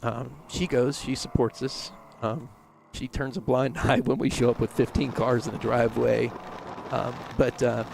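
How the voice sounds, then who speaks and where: A man's voice: mid-range voice, flat delivery, normal speed, creaky, background noise. A middle-aged man telling a rambling story in a casual interview, full of fillers and restarts. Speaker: race team owner, interview guest.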